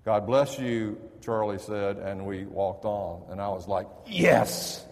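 A man's voice: lowish voice, fairly even intonation, measured pace, a little mellow. A man who is a pastor, preaching a sermon in a conversational storytelling manner and often restarting his sentences. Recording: reverberant hall.

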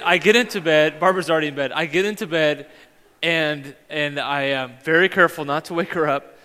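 Bright-voiced man preaching in a hall. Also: fairly high pitch. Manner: animated storytelling, acts out dialogue. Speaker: pastor. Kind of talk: sermon with personal story.

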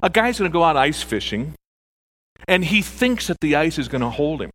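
Pastor preaching a sermon, male, animated storyteller, a bit higher-pitched voice. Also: moderate pace. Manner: animated, acts out voices in his stories.

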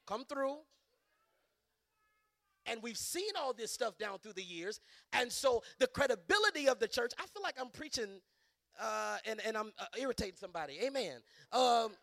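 Man, bishop's sermon, high gravelly voice, dry close sound, fervent surges, stammered restarts. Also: big pitch swings, normal speed, dry recording. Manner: impassioned, surging to loud emphatic peaks; stammering restarts and repeated words. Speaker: bishop preaching.

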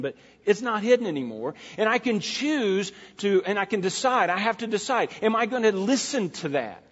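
A man's voice: high voice, slightly rough. A middle-aged man preaching a sermon as a pastor, earnest and emphatic, asking his listeners rhetorical questions. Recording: dull lo-fi recording in a reverberant hall.

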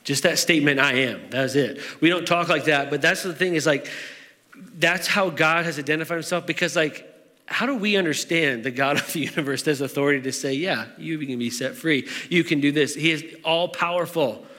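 Male pastor, slightly high voice, loose conversational sermon, reverberant sanctuary. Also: fairly quick, sharp tone. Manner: conversational, with fillers and restarts.

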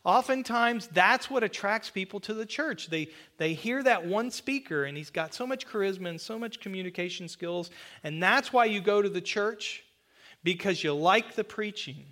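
A man with a notably high voice preaches to his congregation in a church sanctuary. He is earnest and slows right down to stress key phrases, with a bit of self-deprecating humor along the way. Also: lively intonation, sharp tone. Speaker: pastor. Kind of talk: sermon.

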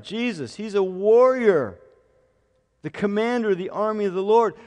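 A male pastor preaching a sermon, quoting scripture at length and rising to loud, emphatic declarations. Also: fairly high pitch. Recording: long hall reverb.

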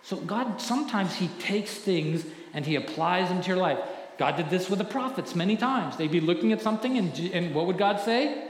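A middle-aged male pastor preaching a sermon earnestly, often dropping to a hushed voice when telling stories. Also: high-pitched, animated, normal speed, slight background noise. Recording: echoey hall with faint ambience.

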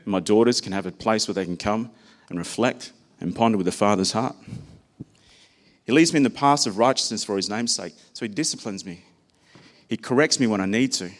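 A man's voice: lowish voice, a little fast. A man preaching a sermon, speaking personally and conversationally and sharing stories about his own children.

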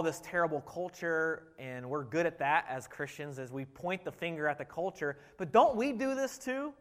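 A man preaching a sermon, animated and full of rhetorical questions, dropping to a hush and rising again. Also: fairly high pitch. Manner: animated, rhetorical questions, swings between loud and hushed. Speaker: pastor. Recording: reverberant hall.

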